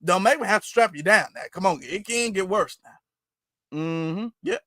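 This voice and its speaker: A man's voice: high-pitched, animated, moderate pace, bright, forceful tone, dry recording, studio quality. A man hosting a livestream, talking in a preachy, teasing way and repeating phrases for effect. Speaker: livestream host. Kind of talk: casual livestream talk.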